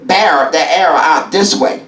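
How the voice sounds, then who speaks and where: High-voiced bishop preaching, echoey church. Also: male voice, moderate pace, a bit bright. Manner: calls out questions to the congregation, repeats himself. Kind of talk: Bible study preaching. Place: church sanctuary. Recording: echoey church from a distance with congregation. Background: congregation murmuring.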